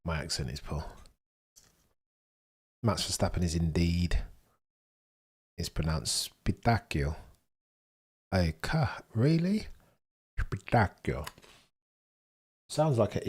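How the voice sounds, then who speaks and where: Young streamer, very low husky voice, jokey and chatty. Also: male voice, lively intonation, a little slow, long pauses, a little mellow. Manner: chatty, jokey, laughs often, mutters asides. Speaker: livestream host. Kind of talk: casual livestream chat reading comments.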